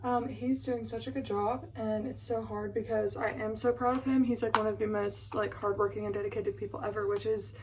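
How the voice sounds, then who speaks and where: A woman's voice: mid-range voice, steady tone, brisk, few pauses, noisy background. A woman in her twenties chatting casually to a phone camera at home, rambling with lots of fillers and emotion. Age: 20s. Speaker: vlogger. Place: at home, indoors.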